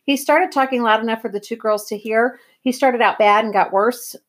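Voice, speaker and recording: A woman reading a novel aloud in a plain, even first-person narration. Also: medium pitch. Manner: plain, even read-aloud with throat clearing. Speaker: reader.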